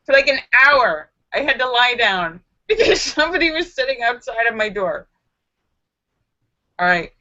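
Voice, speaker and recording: A woman vlogger telling a story to camera in a casual, animated way, acting out her own screams and lines of dialogue. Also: on the high side, normal speed, highs cut off.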